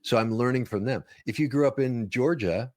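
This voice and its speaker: A man's voice: mid-range voice, fairly quick, no room sound. A man who grew up in northern Minnesota, telling stories in a casual interview and slipping into playful voices now and then. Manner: animated storyteller, slips into playful impressions. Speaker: guest, voice-over artist and author.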